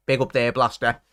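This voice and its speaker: Scouse streamer in his thirties, smooth voice, dry close mic, chatty football reactions. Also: medium pitch, dry recording. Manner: chatty, bursts into excited shouts at chances; talks straight to his chat. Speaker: watchalong streamer. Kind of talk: live football watchalong commentary.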